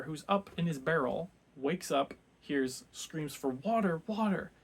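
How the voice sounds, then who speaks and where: A young man retells a classic tale in a relaxed, chatty way. He keeps slipping into short put-on voices for the characters, then drops back to his plain voice at a mid pitch. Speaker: book club host. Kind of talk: casual retelling of a classic book.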